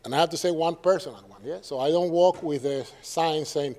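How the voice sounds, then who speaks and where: A man's voice: on the high side, a little fast, mellow. A man from Puerto Rico with a Puerto Rican Spanish accent, giving an academic lecture at a symposium in a conversational way, often tagging his points with questions and acting out quoted dialogue. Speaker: professor giving a symposium talk.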